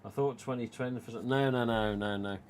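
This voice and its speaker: A man's voice: mid-range voice, fairly even intonation, a little fast, slight background noise. Chatty English Midlands man livestreaming. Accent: English East Midlands. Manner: chatty, rambling, retells dialogue. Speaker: live stream host, mask collector. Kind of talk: casual live stream chat.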